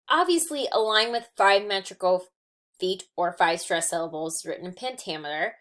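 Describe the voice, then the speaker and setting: A woman delivers a recorded lecture on poetry, talking through her notes. Her explanations are patient and loose, full of ums and small restarts as she works through each point. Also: mid-range voice. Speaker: teacher.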